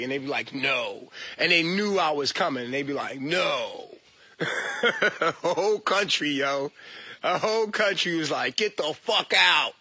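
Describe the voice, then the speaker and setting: Guy ranting, cussing, mocking, high bright voice. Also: husky, no echo. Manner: profane, animated, mocking, laughs at himself. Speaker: online talker. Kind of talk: casual rant.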